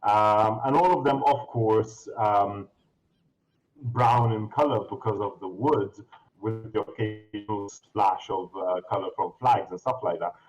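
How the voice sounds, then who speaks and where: A man's voice: on the low side, unhurried, rough recording. A man running a tabletop game as game master, describing the scene in a loose, rambling way full of ums and restarts.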